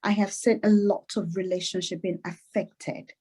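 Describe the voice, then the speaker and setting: A woman clinician, a guest on the show, explaining in a lively way, laughing often and acting out little quotes. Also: on the low side, moderate pace, breathy edge. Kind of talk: explaining in an interview.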